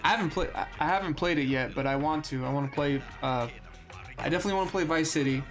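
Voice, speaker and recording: A young man live streaming a game, chatting casually in an earnest, halting way with lots of restarts and fillers at a desk microphone. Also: on the high side, a bit bright, faint music behind.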